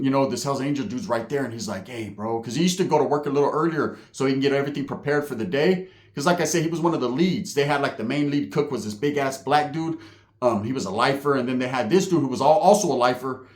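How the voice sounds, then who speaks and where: Dude from california spinning a prison yarn, cussing a lot, keeps saying right?, roomy echo. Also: male voice, mid-range voice. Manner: streetwise slang, profanity, frequent "right?" asides. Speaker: storyteller recounting prison life. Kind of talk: casual storytelling.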